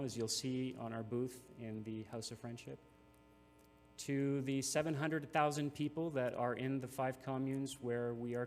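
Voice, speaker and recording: A man's voice: medium pitch, darkish tone. A man, a nonprofit CEO, giving an earnest, emotional conference speech with frequent restarts. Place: large hall. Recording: reverberant hall with faint hum.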